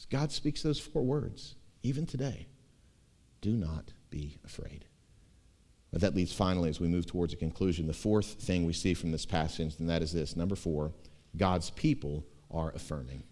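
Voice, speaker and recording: A pastor delivering a sermon in a lively, rising and falling voice. He stresses key words by repeating them and drops to a hush at tender moments. His delivery stays emphatic and earnest throughout. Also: low-pitched, moderate pace. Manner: emphatic, repeats key words, swings between loud and hushed. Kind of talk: expository sermon.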